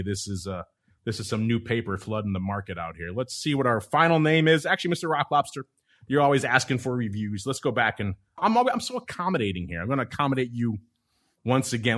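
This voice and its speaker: A man's voice: mid-range voice, a bit bright. A man hosting a casual podcast chat, joking along, chuckling often and teasing his co-hosts. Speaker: podcast host.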